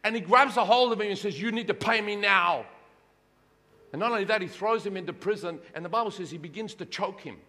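A pastor preaching a sermon, swinging between hushed lows and shouted peaks. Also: male voice, fast, hardly any pauses, long reverb tail.

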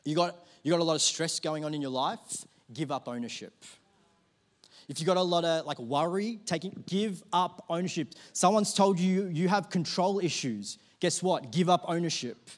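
A pastor's voice, a man on the high side of the male range, preaches from a church stage. He hammers his points with repeated phrases that build in force, and he tells family stories in a casual, conversational way. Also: moderate pace. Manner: emphatic, repeats key phrases with rising force. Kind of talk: sermon. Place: church auditorium.

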